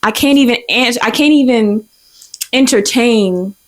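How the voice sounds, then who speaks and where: A young woman in her twenties hosting a podcast, telling a story in a profane, exasperated, animated way. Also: fairly high pitch, measured pace. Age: 20s. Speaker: podcast host. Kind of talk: casual storytelling rant.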